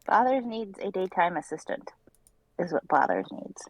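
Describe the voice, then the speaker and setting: A woman's voice: fairly low pitch, big pitch swings, moderate pace, breathy edge, dry recording, poor audio. A woman co-hosting a live stream, chatting casually and answering in short, dry remarks.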